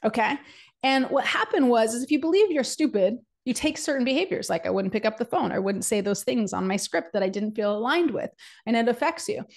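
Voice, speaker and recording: A woman with a somewhat high voice presents a business webinar as a coach. She tells her story in an animated, chatty way, scattering "like" through it and acting out quotes. She keeps turning to address her audience directly. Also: a little fast.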